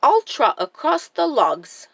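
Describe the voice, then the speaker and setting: A woman's voice: sits high, very animated, takes it slowly, fairly bright tone, no room sound, voice pushed up, exaggerated voice. A woman voicing a timid young pony who sounds hesitant and nervous in a storybook read-aloud. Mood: eager.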